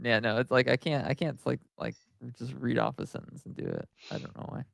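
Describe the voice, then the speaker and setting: A man co-hosting a casual political podcast, with a deadpan, darkly joking manner. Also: mid-range voice, a little fast, creaky, no echo. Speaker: podcast co-host.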